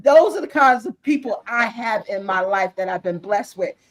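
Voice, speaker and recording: Interviewed via video call, a woman who is a guest author and executive speaks at a normal pace in a medium-pitched voice with lively intonation, though the audio is poor. She talks passionately with faith-driven earnestness, often starting over or repeating herself.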